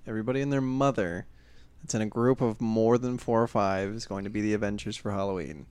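A man's voice: fairly low pitch, quick pace, a little hiss or hum. A man guest on a podcast, joking around in casual chat. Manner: jokey, animated.

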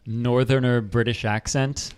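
A man's voice: medium pitch, steady tone, measured pace, clean tone. A man hosting a casual podcast chat, easygoing and hesitant with lots of fillers.

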